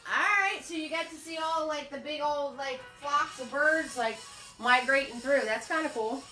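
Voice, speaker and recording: Bright chatty woman teaching painting. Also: high-pitched, normal speed. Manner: chatty, greets viewers by name with pet names. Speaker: painting instructor. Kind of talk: live-stream painting lesson. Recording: echoey room with faint music.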